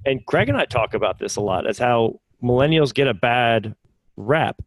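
A man's voice: medium pitch, animated, normal speed, no echo. A man hosting a podcast, chatty and friendly, asking his guests follow-up questions. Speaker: podcast host, dentist. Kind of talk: casual interview hosting.

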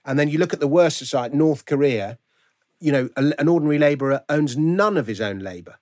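A man's voice: on the high side, expressive, fast talker, darkish tone. A man, a guest author, talking animatedly in a remote interview and often restarting his phrases. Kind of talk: conversational interview. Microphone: video call.

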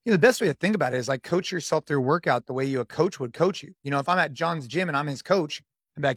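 A middle-aged man talking casually as a podcast guest, energetic and coach-like, with a lot of "dude" and "man". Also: on the high side, fast, no room sound, studio quality. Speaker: podcast guest, gym owner. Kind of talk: casual interview conversation.

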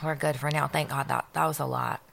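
A woman tells pet stories in an animated, profane podcast chat. Her low voice has a gravelly fry and a bright, forceful edge. She laughs easily as she goes. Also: a little fast. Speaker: podcast co-host. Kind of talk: casual chat.

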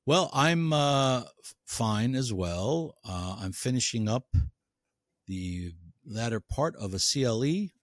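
A man's voice: medium pitch, lively intonation, slow pace, dry recording, studio quality. A man co-hosting a casual podcast who rambles along with lots of "you know"s and "uh"s. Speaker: podcast co-host, cigar blender.

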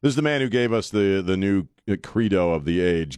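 A man with a very low voice hosts a talk radio show in a dry, close studio sound. He is blunt and jokey and laughs easily. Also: expressive, normal speed, darkish tone, clear, resonant tone, no echo. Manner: blunt, joking, laughs often. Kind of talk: casual talk radio banter. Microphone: studio microphone.

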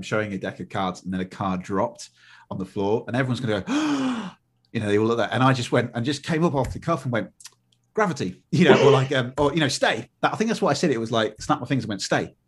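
Male podcast host and magician; quick, husky, keeps chiming in with agreement. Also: mid-range voice. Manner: brisk, frequent agreeing interjections. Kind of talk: conversational podcast interview.

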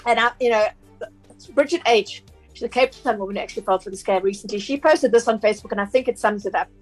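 A woman's voice: on the high side, fast, soft background music, poor audio. A South African woman, a consumer journalist on a radio talk show, explaining things in a chatty way with frequent fillers and restarts.

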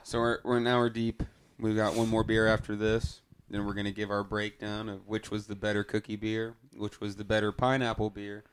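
A young man co-hosting a casual beer-tasting chat, telling stories loosely and laughing, jumping into loud voices when he quotes himself. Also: fairly low pitch, level tone, moderate pace, clean tone. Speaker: podcast co-host.

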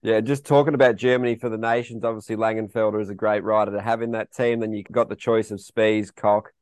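A man's voice: on the low side, level tone, quick pace, a little mellow, no echo, studio quality. An Australian man co-hosting a casual podcast chat, matey and throwing questions to his co-host.

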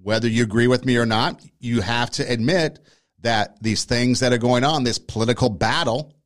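A man's voice: medium pitch, normal speed. Argumentative male podcast host. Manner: argumentative, addresses listeners directly. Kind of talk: opinion commentary.

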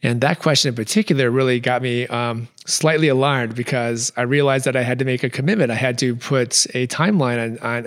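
A man hosting a podcast, telling a personal story in a reflective, earnest way with frequent restarts. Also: mid-range voice. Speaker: podcast host.

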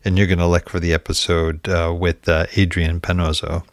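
A man's voice: low voice, level tone, normal speed, hardly any pauses, no echo, studio quality. A man hosting a podcast interview, folksy and upbeat in his sign-offs. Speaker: podcast host.

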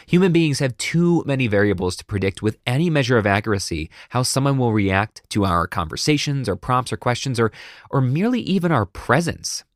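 A man who coaches speakers, talking casually to camera, tired and low on energy, often tagging his points with a questioning "right?". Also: lively intonation, brisk, no room sound, studio quality. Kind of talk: casual talking-head monologue.

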